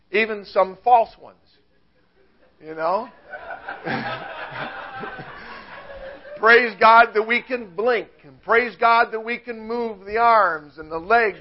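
Animated older male preacher, high voice. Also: dull audio. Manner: animated, chuckles at his own stories. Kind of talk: sermon. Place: church.

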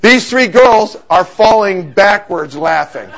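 High-voiced man preaching a lively sermon. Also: slow pace, over a noisy crowd, heavy background noise. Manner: storytelling, animated and humorous.

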